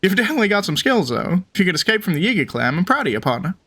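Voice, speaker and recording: A man's voice: sits high, sing-song, rapid-fire, sharp tone, exaggerated voice. A man doing an eager bird reporter. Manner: upbeat, calls listener partner. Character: eager male bird reporter, friendly and jumpy.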